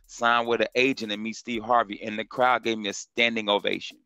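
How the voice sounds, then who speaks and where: A middle-aged man, a comedian from North Carolina, telling a story in a casual interview in an animated, slangy way and acting out the other voices. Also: lowish voice, a little fast, smooth, dry recording. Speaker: comedian guest.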